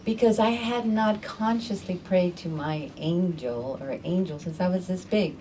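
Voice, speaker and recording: Lively woman storyteller, slightly low voice. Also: a little slow, far from the mic, a little hiss or hum. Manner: animated, conversational, acts out voices. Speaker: storyteller host. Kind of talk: live personal storytelling. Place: live storytelling event before an audience.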